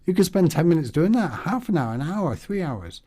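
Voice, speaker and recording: A man's voice: fairly high pitch, very animated, normal speed, mellow, slightly rough. A man teaching meditation in a casual, rambling way, acting out the thoughts in his head. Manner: rambling and conversational, acts out inner thoughts.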